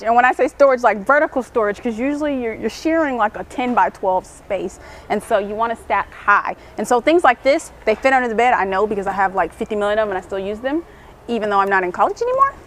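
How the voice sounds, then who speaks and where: A woman's voice: on the high side, expressive, fairly quick, fairly bright tone, soft background music, low-quality recording. A young woman giving casual college dorm advice, chatty and colloquial, laughing often.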